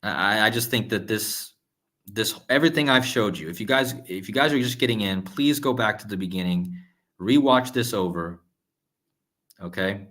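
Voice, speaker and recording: Guy on a live stream, lowish voice, keeps saying okay and guys, pushy, trips over his words. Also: a bit bright. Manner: insistent, repeats "okay?" and "guys", halting restarts. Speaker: numerology video host. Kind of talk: live-stream screen-share monologue.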